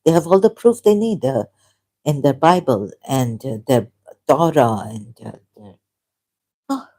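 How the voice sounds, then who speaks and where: A woman, hosting a livestream and talking off the cuff in a rambling, animated way, often breaking into laughter. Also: very deep voice, unhurried. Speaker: livestream host. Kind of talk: unscripted livestream monologue.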